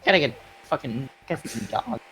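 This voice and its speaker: A man with a somewhat high voice talks in a dry, mocking tone. A faint noise sits behind his voice. It is casual banter among friends on a stream. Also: animated, moderate pace, bright, forceful tone, rough recording.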